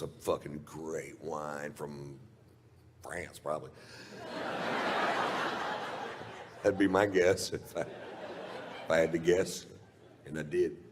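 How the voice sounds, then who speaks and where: Deep-voiced, laid-back profane comedian. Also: male voice. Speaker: stand-up comedian. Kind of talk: stand-up storytelling. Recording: reverberant hall, faint noise.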